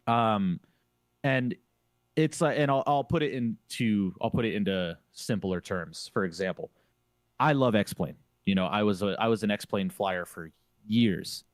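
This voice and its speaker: His voice is on the low side, and the recording is dry. This flight sim streamer on a panel talks in an emphatic, opinionated way, hammering his points home by repeating phrases.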